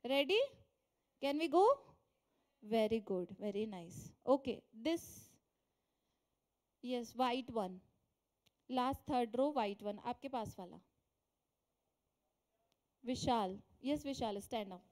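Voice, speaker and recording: A woman's voice: a little high, expressive, a little slow, long pauses, a little mellow. A woman teacher with an Indian accent, quizzing a classroom in English mixed with Hindi and encouraging her students.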